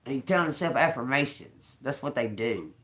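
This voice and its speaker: A woman's voice: a bass voice, lively intonation, fairly quick, fairly bright tone. Chatty, loose-talking woman tarot reader. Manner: loose, chatty, restarts and trails off, swears casually. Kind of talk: casual live stream reading.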